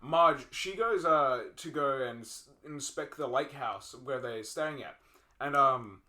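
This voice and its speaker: Rambling young man, bright voice. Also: mid-range voice, slow. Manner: rambling, retells scenes with many fillers and restarts. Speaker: podcast co-host. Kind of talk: casual film chat.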